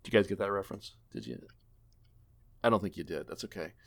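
A man with a low voice who talks fast hosts a casual gaming podcast and is wrapping up the show. He rambles and jokes, with lots of fillers and restarts.

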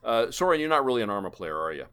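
A man's voice: mid-range voice, sing-song, rapid-fire, a bit bright, smooth. A man hosting a casual gaming podcast, rambling and joking with many fillers and restarts. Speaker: podcast host. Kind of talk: casual gaming podcast chat, wrapping up the show.

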